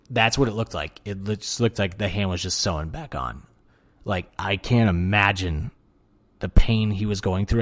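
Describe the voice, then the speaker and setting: A man hosting a podcast alone, talking casually and excitedly, with lots of swearing and filler words. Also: low voice. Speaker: podcast host. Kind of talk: casual solo podcast monologue.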